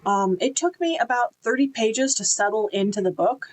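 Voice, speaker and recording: A woman's voice: a little high, expressive, moderate pace, rough recording. Chatty woman reviewing a book. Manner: enthusiastic, chatty, with fillers and restarts.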